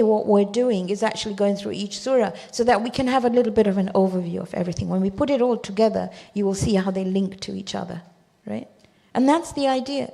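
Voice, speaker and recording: An older woman teaching a scripture class in a chatty, digressive way, quickly reciting verses between explanations. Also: fairly high pitch, creaky, mellow. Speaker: Quran teacher.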